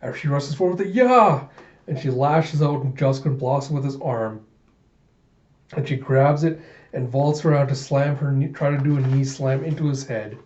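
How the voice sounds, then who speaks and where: A man's voice: mid-range voice, flat delivery, normal speed, mellow. A man casually narrating a comic readthrough, chatty and loose, adding sound effects, in a roomy, dull recording.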